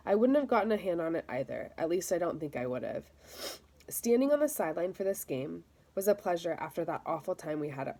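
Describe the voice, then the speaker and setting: A woman reading a novel aloud as a first-person narrator, in a steady, measured storytelling manner. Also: on the low side. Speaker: audiobook narrator.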